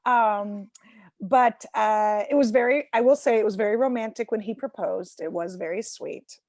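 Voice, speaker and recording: A woman in her forties doing a stand-up comedy set over a video call from home, self-mocking and animated, acting out voices and shouting punchlines. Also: medium pitch, normal speed, no echo, clean studio sound.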